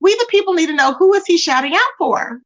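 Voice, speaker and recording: Animated, high-voiced woman streamer. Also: fast, muffled recording. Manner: animated and mocking, addressing chat as y'all. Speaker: live stream host. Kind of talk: casual gossip commentary.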